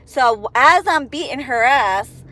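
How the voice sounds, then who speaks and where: A woman vlogger telling a profane, animated story from inside her car while driving. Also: high-pitched, takes it slowly, low-quality recording. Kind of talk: storytime vlog.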